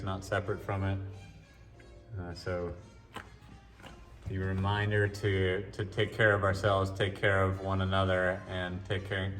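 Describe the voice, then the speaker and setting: Deep-voiced man touring his gallery show. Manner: relaxed, rambling explanations with frequent restarts and fillers. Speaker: artist giving a gallery tour. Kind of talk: casual walk-through talk. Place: art gallery show room. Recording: echoey room from a distance with faint music.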